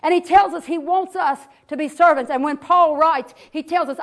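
High-voiced woman preaching. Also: normal speed, hardly any pauses. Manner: preaching that swings from hollering to a hushed near-whisper. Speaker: pastor. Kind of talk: Pentecostal sermon. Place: church sanctuary.

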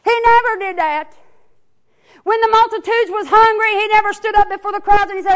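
A woman preaching a Pentecostal sermon in church, swinging from hollering to a hushed near-whisper. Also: extremely high pitch, steady tone, brisk. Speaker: pastor. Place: church sanctuary.

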